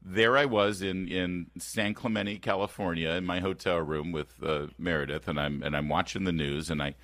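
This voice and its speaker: A man in his fifties hosts a talk radio show with a slightly low, bright, forceful voice. His delivery is animated and sarcastic, full of quick restarts. The sound is close and dry, straight into a studio mic. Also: no room sound. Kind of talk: casual opinionated talk radio chat. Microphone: close studio microphone.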